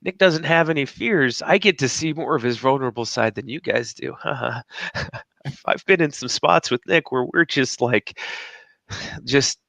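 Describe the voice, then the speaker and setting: A man's voice: medium pitch, unhurried, gravelly, a bit bright, no echo. A man co-hosting a motivational podcast, talking in a rambling, casual way with frequent laughs and repeated words. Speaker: podcast co-host.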